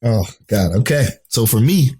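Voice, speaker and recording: A young man co-hosting a podcast, recapping episodes in an excitable, casual way with some swearing. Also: medium pitch, normal speed, husky. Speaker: podcast co-host. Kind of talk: casual chat.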